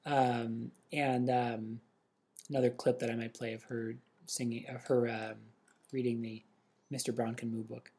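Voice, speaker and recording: A man's voice: mid-range voice, little pitch movement, unhurried, mellow, slightly rough. A man co-hosting a casual podcast, talking in an easygoing, hesitant way with many ums. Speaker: podcast co-host and father. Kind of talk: casual chat.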